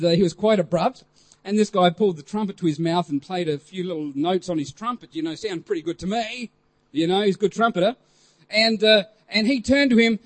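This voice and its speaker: Male preacher with a high voice, animated storytelling testimony with filler-heavy narration. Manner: animated, rising to loud exclamations, many fillers.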